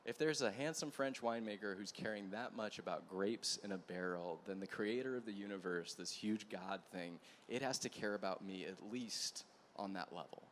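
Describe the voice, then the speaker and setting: A male pastor with a slightly low voice tells a story from the pulpit, chatty and animated, stopping for asides to the room. A faint wash of background noise sits under his voice. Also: moderate pace. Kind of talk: storytelling sermon. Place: church gathering.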